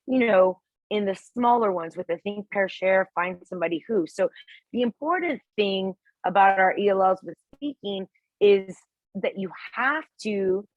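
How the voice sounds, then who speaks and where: A woman's voice: mid-range voice, no echo, dull audio. A woman teaching a test-prep lesson in a chatty way, acting out bits of classroom talk. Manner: chatty, acts out classroom dialogue. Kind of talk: casual explanatory lesson.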